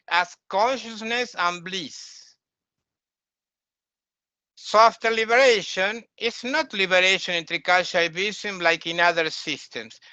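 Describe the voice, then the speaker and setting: Brief: male teacher, high bright voice, unhurried, dry close sound. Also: clean tone, dry recording. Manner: unhurried, explains terms, asks listeners questions. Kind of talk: spiritual lecture.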